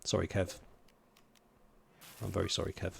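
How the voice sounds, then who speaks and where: A man's voice: sits low, completely flat delivery, normal speed, gravelly, a little hiss or hum. A man from London, streaming a game, chatting casually, muttering to himself while he plays and greeting viewers in chat. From England (London). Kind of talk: casual livestream commentary.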